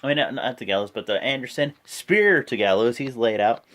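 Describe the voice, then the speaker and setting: A man's voice: medium pitch, lively intonation, fairly quick, fairly bright tone. A man talks through events in a loose, chatty recap. His voice swings up and down a lot. He stumbles, corrects himself and jumps into quoted voices. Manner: rambling, self-correcting, acts out quotes. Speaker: wrestling show reviewer. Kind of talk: casual play-by-play recap.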